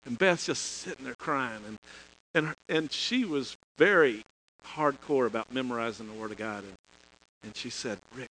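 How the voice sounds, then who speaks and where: A man's voice: mid-range voice, moderate pace, pushed and bright, a little hiss or hum, poor audio. A middle-aged man preaching a storytelling sermon in a folksy way, chuckling and restarting phrases. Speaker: pastor.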